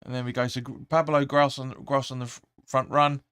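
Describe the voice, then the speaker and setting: A man hosting a live football watch-along, rambling through the play and sometimes shouting at the players. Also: mid-range voice, little pitch movement, fairly quick, smooth, dry recording, clean studio sound. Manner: rambling, restarts often, erupts when urging players. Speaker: fan channel host.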